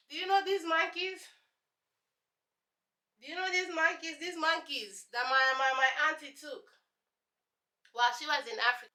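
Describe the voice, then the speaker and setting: A woman voicing a clueless young college classmate who asks naive, gushing questions in a high, breathless voice. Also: pushed and bright. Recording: echoey room, voice off-mic.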